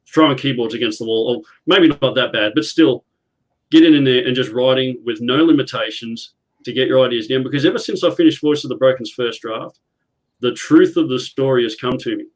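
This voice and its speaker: A man's voice: mid-range voice, moderate pace, poor audio. A man on a writers' video call panel, explaining his point earnestly with analogies. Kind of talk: casual video call chat.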